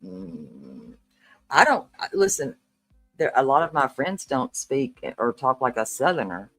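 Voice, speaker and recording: A woman from Tennessee with a Southern accent, reacting live to a video. She talks slowly and stretches her words, and her pitch swings widely as she exclaims in disbelief and swears. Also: wildly swooping pitch, fairly bright tone, faint music behind. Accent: Southern American. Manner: incredulous, exclaiming, swearing, drawn-out.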